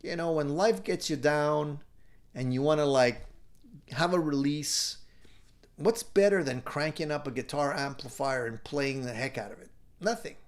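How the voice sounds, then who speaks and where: A man's voice: on the high side, measured pace. A middle-aged man hosting a live stream, reading viewer comments aloud and answering them in an upbeat, encouraging way, chuckling often. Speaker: live show host.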